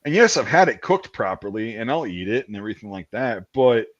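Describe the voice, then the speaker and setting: A man's voice: lowish voice, very animated, fairly quick, muffled recording. A man in his thirties hosting a casual chat, telling stories with a rambling, profane manner. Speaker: podcast host.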